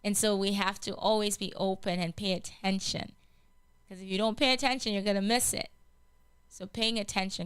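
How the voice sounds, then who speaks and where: A woman's voice: mid-range voice, moderate pace, a bit bright, clear, resonant tone, no room sound. A woman hosting a gospel radio show, sharing a personal testimony in an earnest, heartfelt way with many repetitions and restarts. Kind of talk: personal testimony, casual spoken.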